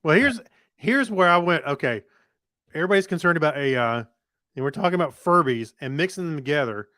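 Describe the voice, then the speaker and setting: A man co-hosting a podcast, chatting casually with quick asides and restarts. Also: fairly high pitch, expressive, bright, forceful tone, dry recording, studio quality. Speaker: podcast co-host. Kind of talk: casual tech news chat.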